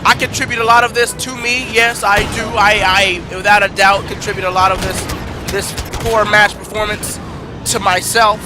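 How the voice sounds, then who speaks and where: High-voiced ranting male game streamer. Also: steady tone, normal speed. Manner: frustrated, ranting, swings from muttering to shouting. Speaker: gaming streamer. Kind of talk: live gameplay commentary. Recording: game music loud behind voice.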